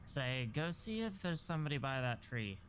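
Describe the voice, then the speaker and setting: A man's voice: medium pitch, very animated, normal speed, fairly bright tone, slight background noise. A man playing a tabletop game casually, thinking aloud and swearing. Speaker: player.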